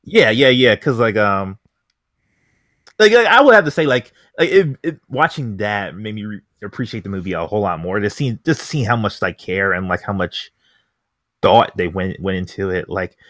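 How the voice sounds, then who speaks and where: A man co-hosting a podcast, rambling excitedly about a movie and saying "like" constantly. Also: on the low side, normal speed, no room sound, studio quality. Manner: rambling, heavy use of "like", excited. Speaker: podcast co-host. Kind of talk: casual chat.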